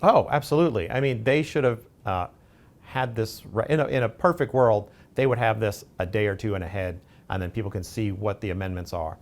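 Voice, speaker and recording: A man with an American accent, answering an interview in a forceful, animated way. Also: lowish voice, brisk.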